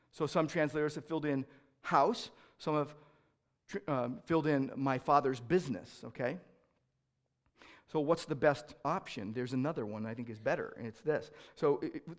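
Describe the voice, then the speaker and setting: A male pastor preaching a sermon, emphatic, swinging between loud stressed phrases and quiet asides. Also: a little high.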